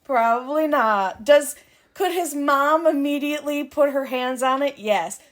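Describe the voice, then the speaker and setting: High-voiced chatty Canadian woman. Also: a little slow. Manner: chatty, giggly, self-mocking. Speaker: podcast co-host. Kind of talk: casual chat.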